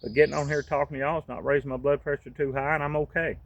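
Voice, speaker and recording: A man's voice: a little high, flat delivery, quick pace, highs cut off. A man, from the United States, giving a fervent, folksy monologue to camera as a vlogger.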